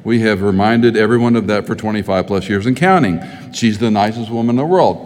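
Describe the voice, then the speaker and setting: A man's voice: fairly low pitch, a little fast, few pauses, darkish tone, a little hiss or hum. A middle-aged man preaching a sermon as pastor, telling stories conversationally and growing emphatic. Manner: conversational storytelling, rising to emphatic. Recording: hall with long reverb.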